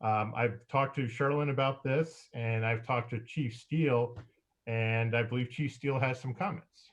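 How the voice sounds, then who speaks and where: A man gives his council report as mayor. He speaks in a halting way, with frequent fillers and pauses. His pitch sits in the ordinary middle range for a man. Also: fairly even intonation. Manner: halting, many fillers, occasional laughs.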